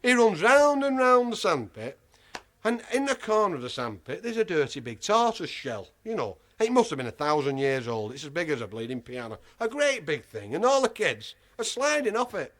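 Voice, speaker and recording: A man's voice: high-pitched, sing-song, normal speed, fairly bright tone. Exasperated man spinning a tale. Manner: exasperated, rambling, swears freely, acts out the voices of others. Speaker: comic storyteller. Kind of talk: comic anecdote told to a live audience.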